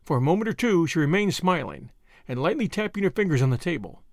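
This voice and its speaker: Male podcast storyteller, expressive audiobook narration, high-ish voice, dry studio sound. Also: fast talker, no echo. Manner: expressive, dramatic reading.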